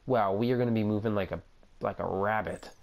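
A man's voice: lowish voice, steady tone, a little fast, creaky. A young man giving casual commentary over his own gameplay, rambling to himself and easily amazed. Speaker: gaming video creator.

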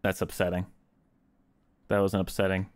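Deep-voiced excitable man. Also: normal speed, clear, resonant tone, no echo. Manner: excitable, gasps and laughs. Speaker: fellow player. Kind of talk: casual game chat.

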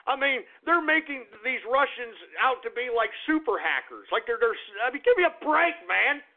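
A man rants through a radio sign-off in a high, gravelly voice. He swears freely, repeats his lines and sounds tinny, as if over a phone line. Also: expressive, moderate pace. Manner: profane, blustery, repeats himself. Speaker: radio talk show host. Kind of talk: casual ranting radio monologue.

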